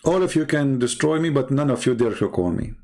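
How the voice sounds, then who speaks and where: A man's voice: mid-range voice, animated, a little fast, darkish tone. A man hosting a livestream, talking in a combative, mocking way and challenging his listeners. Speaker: livestream host. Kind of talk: taunting livestream monologue.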